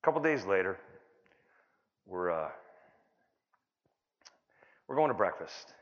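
A middle-aged man doing a stand-up comedy set at a conference, telling rambling stories full of restarts and sudden loud bursts. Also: big pitch swings, slow. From California. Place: conference hall. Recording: dull, boomy conference hall recording.

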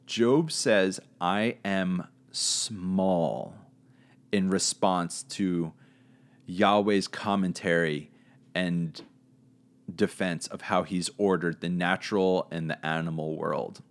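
A man's voice: low-pitched, steady tone, takes it slowly. A man giving a casual Bible lesson. He talks in a conversational, searching way, hedging and correcting himself as he goes. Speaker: Bible teacher.

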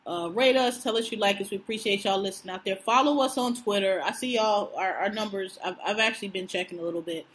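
A woman co-hosting a podcast, telling a story in casual chat, profane and animated. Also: mid-range voice, fast talker, few pauses. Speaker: podcast co-host.

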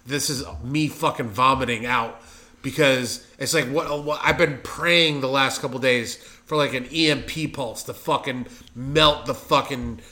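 A man's voice: medium pitch, fairly even intonation, a little slow, pushed and bright. A man in casual chat as a podcast co-host, ranting emphatically and swearing a lot.

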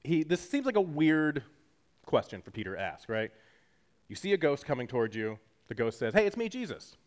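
Lively conversational male preacher. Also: mid-range voice, normal speed. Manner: conversational, jokey teaching with acted-out quotes. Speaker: pastor. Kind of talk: sermon.

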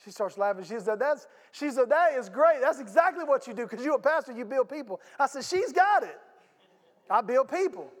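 A man, a pastor telling a story in a conversational, folksy sermon with asides to the congregation. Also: high voice. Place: church sanctuary. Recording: long hall reverb.

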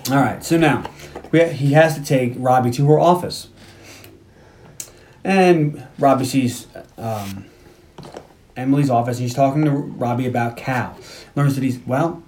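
A man's voice: medium pitch, lively intonation, normal speed, long pauses, a little mellow, slight background noise. A man hosting a podcast, casually retelling a film's plot and acting out the characters' lines, with some swearing. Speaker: podcast host. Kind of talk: casual movie recap chat.

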